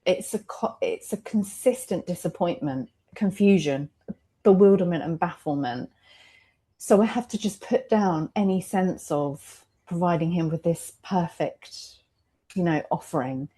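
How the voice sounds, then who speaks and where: A woman's voice: on the low side, expressive, measured pace, warm tone, slightly rough. A mother in a candid roundtable conversation, speaking reflectively and emotionally, often laughing between her thoughts.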